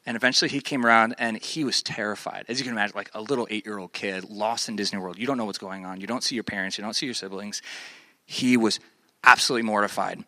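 Animated young man telling a family story. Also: on the low side, quick pace, no room sound. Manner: animated storyteller, acts out quoted voices, many fillers. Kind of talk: casual personal storytelling.

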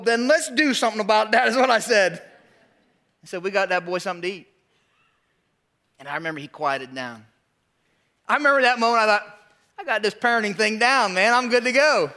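Male preacher, forties, bright and slightly high voice, lively storyteller working the congregation. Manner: animated storytelling with call-and-response to the congregation. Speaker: pastor. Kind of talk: sermon.

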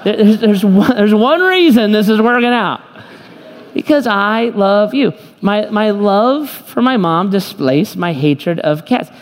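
A man's voice: sits high, lively intonation, unhurried. A man preaching a sermon as pastor, emphatic and joking as he tells stories to his congregation. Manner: humorous, emphatic storytelling preacher. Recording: long hall reverb.

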